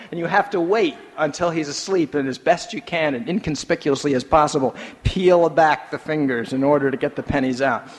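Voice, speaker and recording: A man preaching a sermon with an animated, storytelling delivery, dropping soft and low for asides, then lifting up with emphasis. His voice sits a bit high for a man. The sound carries the long reverb of a church sanctuary. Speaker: pastor.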